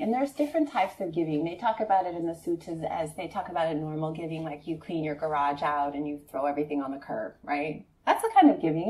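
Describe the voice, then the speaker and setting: A woman meditation teacher giving a conversational dharma talk to a live group, laughing often and checking in with her listeners. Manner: conversational, laughing often, frequent "right?" to the audience; animated storytelling, voicing friends in a high excited tone.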